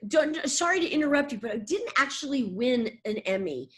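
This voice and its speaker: Animated woman in her 60s, slightly high, playful guest chat. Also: brisk. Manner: animated, laughing, slips into voices. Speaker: voice actor, guest. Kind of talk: casual interview chat.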